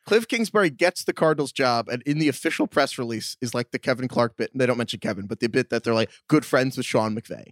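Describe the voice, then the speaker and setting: A man co-hosts a podcast in loose, casual chat. He talks fast and keeps spinning off into quick, jokey tangents, with a mid-pitched voice. The sound is dry and close, with no room around it. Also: expressive, no echo. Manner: rapid, riffing, jokey tangents. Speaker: podcast co-host.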